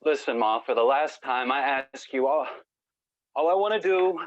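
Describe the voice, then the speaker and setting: A man's voice: mid-range voice, animated, moderate pace, no room sound, natural voice. A man playing a nervous young groom who talks earnestly to his mother and bride, over dull video-call audio. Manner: anxious and pleading, then earnest.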